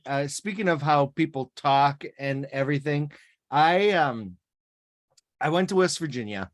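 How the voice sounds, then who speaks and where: A woman from South Dakota with a Midwestern American accent, co-hosting a podcast in casual chat, laughing and restarting her sentences. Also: very deep voice. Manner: chatty, laughing, many restarts. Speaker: podcast co-host.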